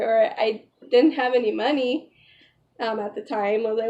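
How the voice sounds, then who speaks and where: A woman's voice: on the high side, fairly even intonation, moderate pace, darkish tone, dull audio. A young pregnant woman chatting in a casual vlog, retelling a story emotionally with lots of "like" and "you know". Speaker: vlogger.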